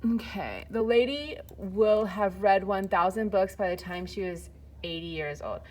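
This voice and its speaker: A woman's voice: medium pitch, measured pace, a little mellow. A woman teaching Spanish grammar, explaining step by step in a casual way with fillers, while filming and typing. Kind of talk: recorded lesson walkthrough.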